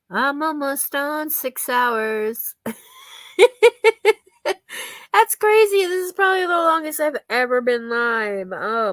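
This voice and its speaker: A woman's voice: fairly high pitch, fairly bright tone, no echo. A chatty woman on a live stream talks casually with her viewers. She giggles often and thanks people by name. Her voice sounds dry and close, with little room around it.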